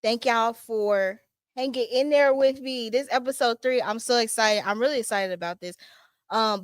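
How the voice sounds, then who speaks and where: Excitable high-voiced woman host. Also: smooth, no room sound. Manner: excitable, chatty, with many fillers. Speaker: podcast host. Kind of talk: casual chat. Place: small studio set.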